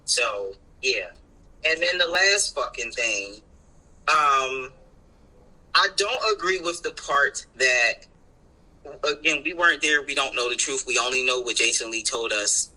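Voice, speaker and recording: This podcast co-host, a man, chats casually in a rambling, emphatic style and swears freely. His mid-range voice is sharp and measured in pace, and the recording is rough.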